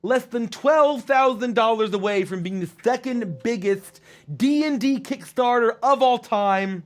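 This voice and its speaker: A man hosting a live stream, reading out chat comments with loud excitement and casual swearing. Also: a little slow, a little hiss or hum. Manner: excited, swears casually, swings from loud hype to low mumbles. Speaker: livestream host.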